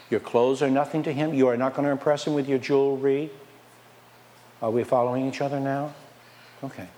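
A man preaching a sermon as pastor, lively and conversational, firing questions at the congregation and dropping from loud emphasis to near whispers. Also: mid-range voice, a little hiss or hum. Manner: animated, questions the congregation, swings from loud to quiet; playfully mocks excuses in a whiny put-on voice.

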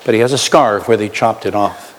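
A man preaching a sermon as pastor, animated, swinging between loud outbursts and hushed asides while acting out voices. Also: on the low side, brisk, big-room sound.

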